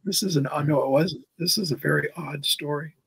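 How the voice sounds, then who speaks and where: A man's voice: fairly high pitch, a little fast, creaky, a bit bright, husky, dry recording, poor audio. A man in his sixties, a guest in a casual interview, telling long stories in a rambling way and repeating words as he goes. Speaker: comic artist guest.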